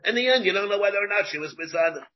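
A man's voice: sits high, lively intonation, rapid-fire. A man, a rabbi giving a Talmud class, who asks rhetorical questions, repeats his phrases and mixes in Hebrew terms, on a dull lo-fi recording.

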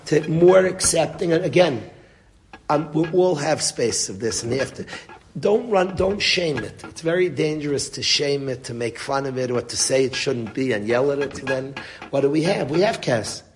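A man's voice: on the high side, expressive, normal speed, a little hiss or hum. A man giving a Torah lecture to a group, speaking earnestly and mixing Hebrew and Yiddish words into his English. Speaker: rabbi teaching a Torah class.

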